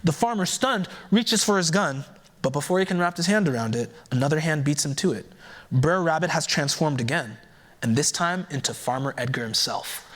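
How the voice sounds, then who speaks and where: A man telling a folktale aloud at a keynote, in a relaxed, conversational way with offhand asides. His voice sits a bit above the typical male range. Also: a little high. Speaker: keynote speaker. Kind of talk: oral storytelling.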